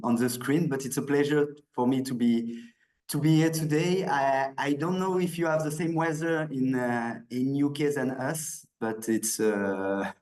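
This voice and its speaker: A man's voice: mid-range voice, a little mellow, echoey room, low-quality recording. A man with a French accent giving an online wine presentation, hesitant, with many restarts and fillers. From France. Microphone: video call.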